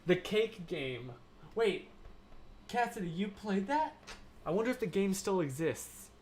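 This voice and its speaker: A man's voice: high-pitched, sing-song, unhurried, a little mellow, a little hiss or hum. A young American man in his twenties hosting a live stream, chatting casually and rambling with lots of fillers while reading out viewer comments. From United States. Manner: rambling and chatty, many fillers, laughs often. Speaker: livestream host.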